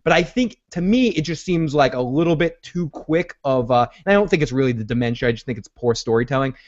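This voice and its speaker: A man hosting a casual TV recap chat, talking in an animated way. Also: mid-range voice, quick pace. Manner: animated, acts out characters' lines in quotes. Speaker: show host. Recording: muffled lo-fi recording.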